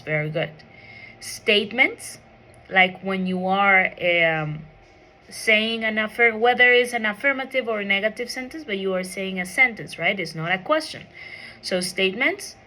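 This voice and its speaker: Woman teacher running a pronunciation lesson, talks slow, bright tense voice, keeps asking the class okay?. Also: fairly high pitch. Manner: asks the class questions, often checks with "okay?".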